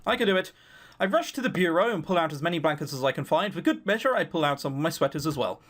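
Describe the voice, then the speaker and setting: A man reading a visual novel aloud and tossing in sarcastic, sweary asides. His voice runs high and lively, with a nagging cough. Game playthrough commentary. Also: quick pace. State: has a cough. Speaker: let's play host.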